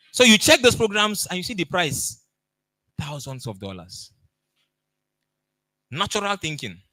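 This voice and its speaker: A middle-aged man with a Nigerian accent gives a motivational coaching talk, telling stories emphatically and acting out the dialogue of the people in them. His mid-range voice is pushed and bright, on a dry recording.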